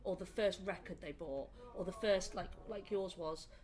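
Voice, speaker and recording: A young woman with a Northern English accent, a comedian chatting in a casual interview and telling animated, laughing stories. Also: lowish voice, normal speed. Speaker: comedian guest. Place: indoor room.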